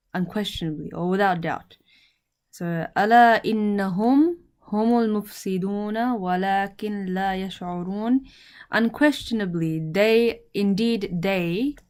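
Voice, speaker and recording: A woman teaching Arabic grammar in English, speaking slowly and deliberately and repeating each word with its meaning. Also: mid-range voice, a little mellow.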